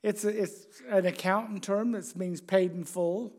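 Male preacher, high voice, casual sermon delivery, chuckles, asks questions of the congregation. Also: steady tone, a little slow, a little mellow.

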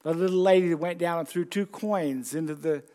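A man's voice: a little high, moderate pace, warm tone. A man preaching a sermon in church, talking casually and asking the congregation questions. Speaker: pastor.

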